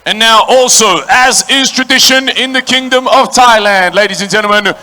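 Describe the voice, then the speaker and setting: Guy ring announcer hyping the crowd at a boxing stadium, high voice, really bright. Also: moderate pace. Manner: booming, crowd-working, calls out to the audience.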